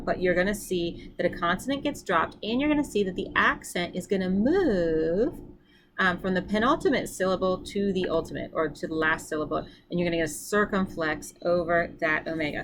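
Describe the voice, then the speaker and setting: A woman's voice: medium pitch, fairly bright tone, a little hiss or hum. A woman teaching a recorded language lesson. She drills word forms and explains as she goes, upbeat and encouraging, with fillers as she thinks aloud. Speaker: Greek teacher.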